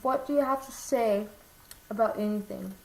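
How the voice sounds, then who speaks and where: A woman's voice: mid-range voice, normal speed, gravelly, a little mellow. A young woman chatting casually with a friend, telling a rambling story with lots of animation. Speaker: vlogger. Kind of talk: casual chat. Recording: echoey room with faint noise.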